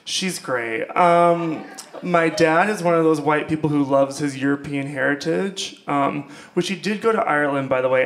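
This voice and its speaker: A young man from Iowa performing a stand-up comedy set, rambling and sarcastic, with lots of fillers. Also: a little high. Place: small comedy club stage.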